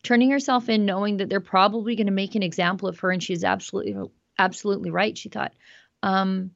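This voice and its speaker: A woman's voice: medium pitch, fairly even intonation, fast, gravelly, no room sound. Woman host, emphatic news-commentary delivery, dry slightly dull sound.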